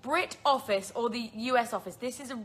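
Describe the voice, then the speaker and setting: A woman's voice: fairly high pitch, brisk, fairly bright tone. A woman in her twenties with a British accent, chatting casually on a phone livestream, answering viewer questions and laughing often at herself. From Isle of Man.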